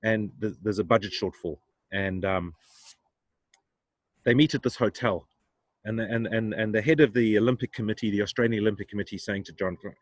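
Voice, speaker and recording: A man's voice: fairly low pitch, fairly even intonation, brisk, no room sound. Stammering man telling a story eagerly. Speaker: podcast co-host. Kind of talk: casual chat. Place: roadside, in Australia.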